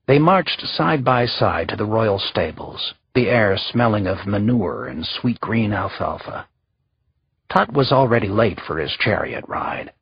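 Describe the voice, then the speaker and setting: A man reading a historical thriller audiobook in a steady, measured narration. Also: lowish voice, vocal fry, breathy edge, no echo, lo-fi sound. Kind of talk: scripted narration.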